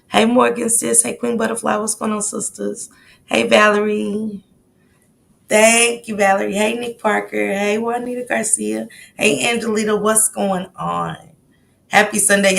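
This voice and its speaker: A woman's voice: mid-range voice, creaky, fairly bright tone, slight background noise. A woman hosting a casual livestream, chatting easily and greeting her viewers one by one by name. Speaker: livestream host.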